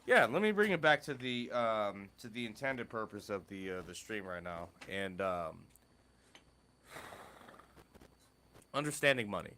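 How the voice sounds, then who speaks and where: A man on a casual podcast talks in loose, rambling sentences full of fillers. His pitch swings widely, and he keeps pulling the talk back on track. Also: expressive, unhurried, long pauses, bright, forceful tone, slight background noise. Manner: loose, rambling, filler-heavy, steers the topic. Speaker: podcast co-host.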